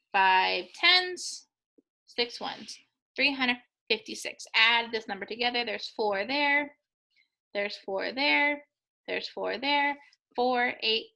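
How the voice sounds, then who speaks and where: Woman teacher, bright tense voice, gravelly edges, chatty, encouraging, math lesson. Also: on the high side, poor audio. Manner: chatty, encouraging, jokes with the class. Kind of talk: talking through a math review lesson.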